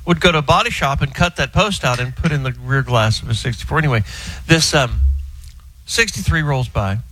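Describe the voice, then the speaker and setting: A middle-aged man, calling in from a house full of sleeping roommates and telling a car-auction story in an animated, joking drawl. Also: on the high side, no room sound, poor audio. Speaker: car show regular calling in. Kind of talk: casual radio chat by phone.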